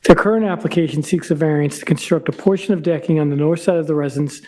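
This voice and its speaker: A man presenting an application to a zoning board, hoarse and losing his voice, halting with restarts and throat clearing. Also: a little high, warm tone, rough recording. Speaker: applicant's representative at a zoning hearing. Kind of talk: formal presentation at a public meeting.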